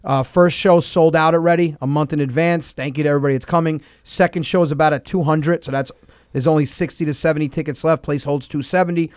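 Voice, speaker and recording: A man's voice: fairly high pitch, fairly even intonation, fast, a little mellow, smooth, no echo, clean studio sound. A man hosting a comedy radio show, rambling casually through his list of upcoming tour dates. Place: radio studio.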